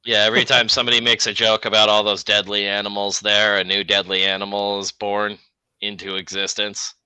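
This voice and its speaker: A man's voice: fairly low pitch, monotone, fairly quick, sharp tone, smooth, no echo, poor audio. A man co-hosting a podcast, rambling and joking, laughing often. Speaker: podcast co-host. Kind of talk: casual banter.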